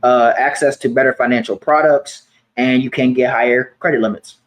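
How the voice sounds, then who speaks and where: A man in his twenties talking casually to camera about money, relaxed and slangy, often repeating his points. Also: mid-range voice, brisk, low-quality recording. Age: 20s. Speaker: personal finance vlogger.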